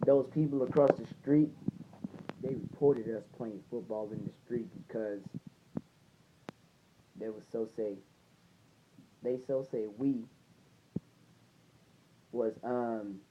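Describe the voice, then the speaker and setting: A man's voice: medium pitch, slow pace, long pauses, muffled recording, background noise. A young man vlogging a casual, rambling story, swearing freely and retelling it line by line. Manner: rambling, profane, retells with "I'm like".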